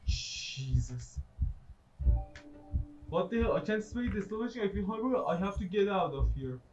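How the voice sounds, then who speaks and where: Man, high voice, swoops up and down, horror game commentary, jumpy, swearing, sarcastic. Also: animated, measured pace, darkish tone, highs cut off, faint music behind. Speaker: gaming YouTuber.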